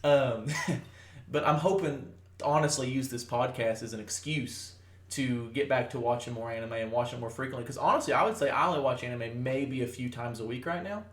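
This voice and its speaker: A young man chats loosely on a podcast, stacking fillers and restarting his sentences. His voice sits at a middle pitch, and the recording picks up plenty of room echo. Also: a little fast, a bit bright. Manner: rambling, many fillers and restarts. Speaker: podcast co-host. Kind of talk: casual chat.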